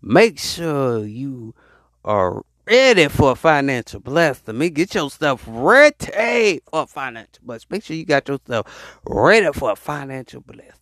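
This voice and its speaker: A man's voice: mid-range voice, big pitch swings, a bit bright, no echo, clean studio sound. A man hosting his podcast, preaching. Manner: call-and-response exhortation, drawn-out hype. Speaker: podcast host. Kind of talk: motivational preaching monologue.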